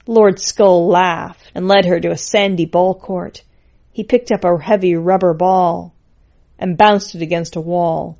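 A woman reading a story aloud in a steady, plain way. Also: on the low side, a little slow, muffled recording.

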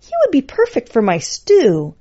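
A woman doing a high, cheeky young woman cook. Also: huge pitch swings, normal speed, mellow, breathy edge, highs cut off, exaggerated voice. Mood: musing. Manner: chatty, playful, cheeky. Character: plucky young woman cook, wry and bold.

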